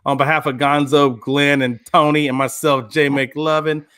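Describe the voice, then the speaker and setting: A man's voice: a little high, level tone, moderate pace, fairly bright tone, clear, resonant tone, no room sound, studio quality. A man hosting a casual sports podcast, joking around and rambling with his co-hosts. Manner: joking, rambling, laughs often. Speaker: show host.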